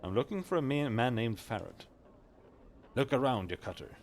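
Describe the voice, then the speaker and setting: A man voicing a wary, greedy male street collector in a game, gruff and slangy. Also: mid-range voice, expressive, moderate pace, a little hiss or hum.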